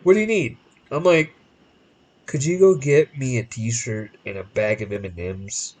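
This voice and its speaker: A man's voice: medium pitch, unhurried, rough recording. A man hosting a podcast, telling a long story in casual chat and acting out the people in it with changing voices, often restarting his sentences. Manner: animated, acts out quoted people in different voices; rambling with frequent restarts. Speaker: podcast host.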